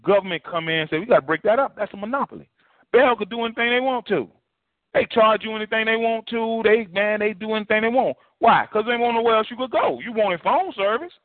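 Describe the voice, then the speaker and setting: A man's voice: high voice, brisk, no echo. A male pastor preaching a sermon in a folksy, repetitive way, full of rhetorical questions. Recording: tinny phone-line sound, dry.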